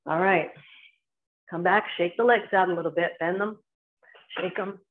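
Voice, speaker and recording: A woman with a New Jersey accent, working as a qigong instructor, guides an exercise class with short spoken cues timed to each movement. Her voice is lowish, her intonation fairly even, and her speed normal. The recording sounds tinny, like a phone.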